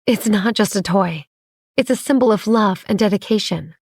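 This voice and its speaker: A woman's voice: medium pitch, normal speed, darkish tone, slightly rough, dry recording, clean studio sound. A woman doing a poised, clever young inventor.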